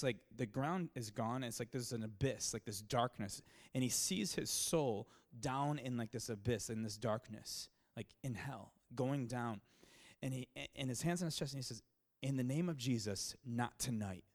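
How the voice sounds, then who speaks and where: A man, a pastor, telling a story in a sermon. He talks casually with many fillers and restarts, and gets louder and more excited at the dramatic moments. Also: medium pitch.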